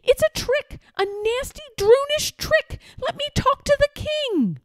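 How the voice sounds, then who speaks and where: A woman voicing a brave young page boy who protests in a high, fast voice. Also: big pitch swings, no echo, clean studio sound, full character voice. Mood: indignant.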